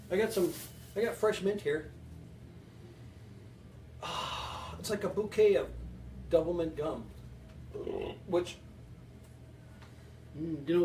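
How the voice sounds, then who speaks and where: A man hosts a home cocktail show, joking and rambling as he mixes a drink and chats with his viewers. His voice sits high for a man. He sounds set back from the mic in a roomy, echoing space with a faint hiss behind him. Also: a little mellow. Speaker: home bartending show host. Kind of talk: joking casual cocktail demo. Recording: echoey room, distant mic.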